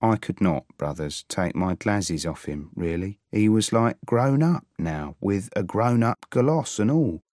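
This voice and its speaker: Unhurried man reading a novel in first person. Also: lowish voice, expressive, a little mellow, no room sound, clean studio sound. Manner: unhurried, laced with invented slang. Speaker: audiobook narrator.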